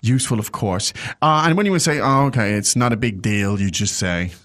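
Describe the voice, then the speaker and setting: A man's voice: on the low side, fairly quick. A man teaching a language lesson in casual chat, acting out dialogue lines. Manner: animated, acts out dialogue lines.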